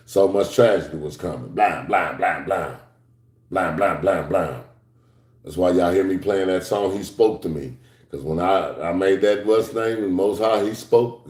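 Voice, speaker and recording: Teaching a class from scripture, this middle-aged man preaches as if giving a sermon, swinging from low, unhurried reading to high-pitched excitement. He chats casually with his listeners along the way, and the recording carries room echo.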